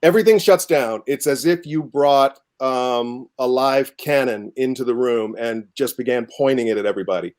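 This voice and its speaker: Wry male co-host, mid-pitched, riffing comedic banter. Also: moderate pace, hardly any pauses, darkish tone. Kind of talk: comedic talk show banter.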